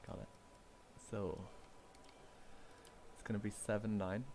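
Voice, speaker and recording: A man with a Northern English accent chatting calmly over a racing game and reading out setup numbers like a race engineer. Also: fairly low pitch, slow pace, slight background noise. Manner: calm, reads out numbers and setup advice. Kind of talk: casual chat while gaming.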